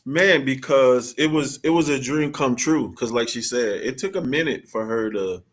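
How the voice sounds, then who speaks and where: A man, a podcast guest, sharing a personal story in an earnest, heartfelt way and acting out quoted dialogue. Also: on the low side. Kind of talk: personal testimony in conversation.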